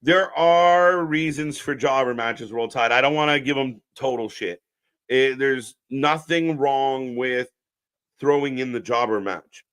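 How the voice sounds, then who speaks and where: A man's voice: medium pitch, a little slow, fairly bright tone, clear, resonant tone. A man hosting a live wrestling watch-along stream, riffing bluntly and sarcastically with lots of swearing while talking to the chat. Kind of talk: unscripted live alternative commentary.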